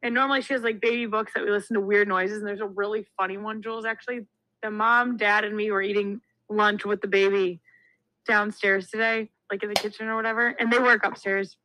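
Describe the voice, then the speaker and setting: A woman in her twenties co-hosts a casual chat podcast, telling stories animatedly and acting out the quotes. Her voice is mid-range and a little fast, and the audio quality is poor.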